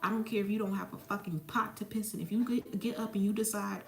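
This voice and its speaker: A woman's voice: mid-range voice, steady tone, fast, creaky, few pauses. A woman spiritual mentor giving a blunt, profane, preachy motivational talk. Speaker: spiritual mentor and psychic medium. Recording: echoey room, faint music behind.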